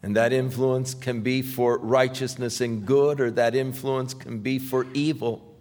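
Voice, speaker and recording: A male pastor preaching a sermon in a slow, emphatic style that swells loudly on scripture. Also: medium pitch, level tone, big-room sound.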